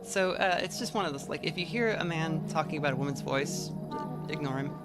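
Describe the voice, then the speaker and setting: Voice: mid-range voice, brisk. Rambling game streamer over music. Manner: rambling, many fillers and restarts. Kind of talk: casual let's play commentary.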